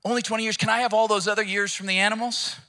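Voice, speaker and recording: An eager, greedy first man begging God for extra years, as a man puts him on. His voice is raised and bright, and he pleads in quick, hopeful bursts. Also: sits high, level tone, voice pushed up.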